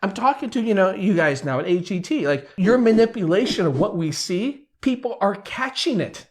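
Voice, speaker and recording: A man's voice: high-pitched, animated, normal speed. A man hosting a casual commentary, talking animatedly and asking many rhetorical questions. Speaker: YouTube commentator.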